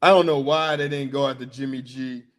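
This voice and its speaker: A man hosting a casual sports talk livestream, slangy and excitable, rambling about his picks. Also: mid-range voice, a little fast. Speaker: sports podcast host.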